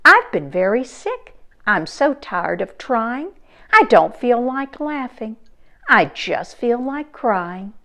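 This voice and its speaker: A woman reading the part of a sick little girl in a storybook, speaking quietly, slowly and wearily. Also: a little high, sing-song, exaggerated voice. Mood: weary. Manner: quiet, slow, weary.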